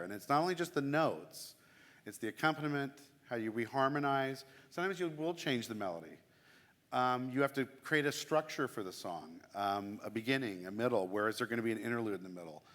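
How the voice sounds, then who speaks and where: A church music director with a somewhat bright mid-range voice explains his craft in a casual, enthusiastic chat full of self-deprecating asides. Long hall reverb from the church sanctuary colors the recording.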